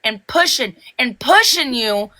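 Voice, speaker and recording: Woman, livestream host, heated rant, high pitched, sharp bright tone. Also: expressive. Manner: agitated, fast, swearing, rising to shouts.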